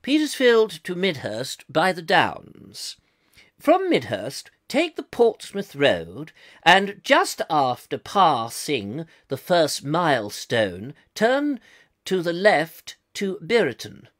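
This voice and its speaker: A stately, old-fashioned male BBC announcer, as a comic host puts him on, with a posh English received pronunciation accent and a slightly high, lilting voice. He reads out directions slowly and with measured, declaiming care, like a vintage radio broadcast. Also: huge pitch swings, a bit bright, heavily acted. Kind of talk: mock vintage radio narration.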